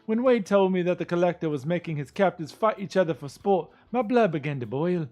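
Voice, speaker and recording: A man's voice: high-pitched, expressive, a little fast, darkish tone, voice pushed up. A man doing a wry Cockney monster huntress. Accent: put-on Cockney British. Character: tough sardonic adult woman monster hunter. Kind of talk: reading game lore aloud in character.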